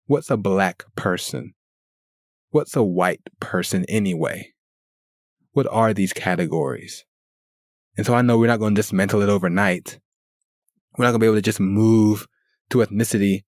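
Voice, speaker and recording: A man at middle pitch delivers a solo podcast monologue in an earnest, persuasive way. He leans on runs of rhetorical questions to press his point. The sound is close and dry, with no room echo. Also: darkish tone. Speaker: podcast host.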